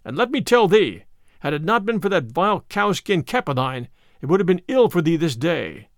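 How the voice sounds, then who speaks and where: A man's voice: fairly high pitch, big pitch swings, normal speed, no room sound, studio quality. A man voicing a big, sullen outlaw who grumbles testily. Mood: testy. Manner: testy, grumbling.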